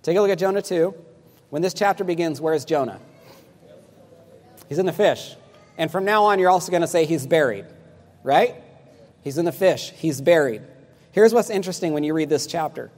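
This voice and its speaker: A male pastor preaching with emphatic, insistent delivery, pressing questions on his congregation. His voice sits a bit higher than most men's. The sound carries a long reverb, like a church hall. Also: animated, moderate pace, pauses often, darkish tone. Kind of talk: sermon.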